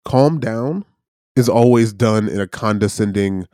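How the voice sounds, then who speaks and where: Podcast co-host, man, mid-pitched voice with lively ups and downs, playful, laughs often, dry sound. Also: moderate pace, no room sound. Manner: playful, laughing, mimics people. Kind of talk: casual podcast chat.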